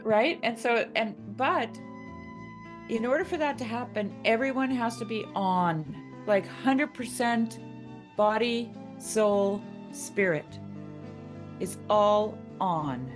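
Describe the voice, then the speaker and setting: A woman's voice: fairly high pitch, lively intonation, takes it slowly, over music. A woman guest in a casual conversation, speaking earnestly and emphatically and often checking in with "right?".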